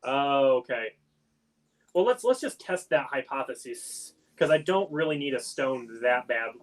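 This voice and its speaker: A man's voice: mid-range voice, animated, measured pace. A man playing a board game online, chatting casually and telling jokes over an online call. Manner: joking, chatty storyteller. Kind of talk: casual game-stream chat.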